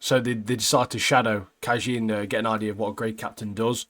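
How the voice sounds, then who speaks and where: A man's voice: fairly low pitch, flat delivery, fast talker, fairly bright tone. A man co-hosting a podcast, casually recapping an anime episode in a rambling way with lots of fillers. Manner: rambling, many fillers, laughs at own retelling. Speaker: podcast co-host.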